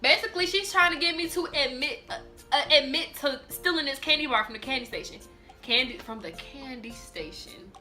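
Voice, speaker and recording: A young woman telling a personal story in a casual vlog, animated and emphatic, often repeating and restarting her words. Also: high voice, a little fast, soft background music. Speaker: vlogger.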